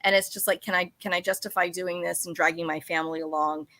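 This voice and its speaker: A woman's voice: fairly low pitch, fairly even intonation, fast talker, sharp tone, no room sound. A woman co-hosting a podcast, joking and chatty in casual conversation. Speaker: podcast co-host.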